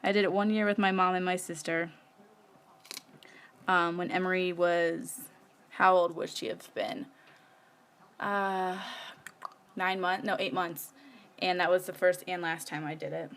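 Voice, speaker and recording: A woman's voice: fairly low pitch, flat delivery, unhurried, pauses often, fairly bright tone. A woman, chatting casually while she works on her planner during a live stream, rambling with many fillers. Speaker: planner vlogger. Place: home.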